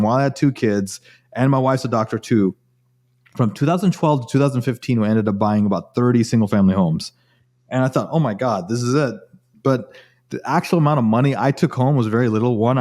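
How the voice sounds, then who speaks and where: A man in his forties, a cardiologist guest, telling his story in a casual interview, quoting himself often and restarting sentences. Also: medium pitch. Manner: animated, quotes himself often, frequent restarts. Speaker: cardiologist and real estate investor guest.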